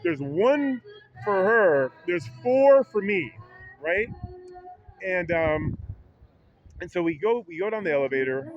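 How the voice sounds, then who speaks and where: Man, casual vlog story, higher-pitched voice, rambling restarts, slightly dull sound, faint background hum. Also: lively intonation, takes it slowly, pauses often, no echo. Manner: rambling with many restarts, acts out quotes in a higher voice. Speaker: vlogger. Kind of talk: casual retelling of an incident. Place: public library.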